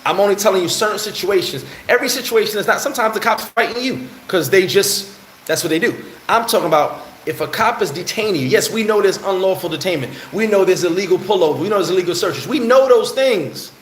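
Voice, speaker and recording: A man's voice: sits high, fast talker, roomy sound, a little hiss or hum, rough recording. A man, telling a heated story on a casual live stream and answering chat. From New York. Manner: animated, heated storyteller, acts out quotes. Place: bar in the Dominican Republic.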